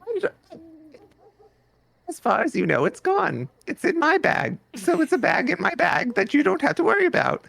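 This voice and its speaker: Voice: high voice, wildly swooping pitch, moderate pace, creaky, fairly bright tone. A tabletop game player making hesitant remarks that trail off.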